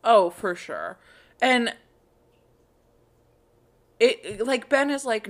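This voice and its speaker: A woman's voice: fairly high pitch, expressive. A woman co-hosting a podcast, retelling a TV episode in casual chat and quoting the characters' lines as she goes. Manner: plot-summarizing, acting out characters' lines in quick quotes. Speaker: podcast co-host. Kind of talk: casual chat recapping a TV show.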